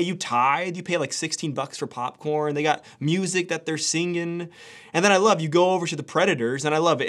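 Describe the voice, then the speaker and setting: A young man giving a casual devotional sermon as a pastor, telling stories with quick asides. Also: a little high, fairly bright tone.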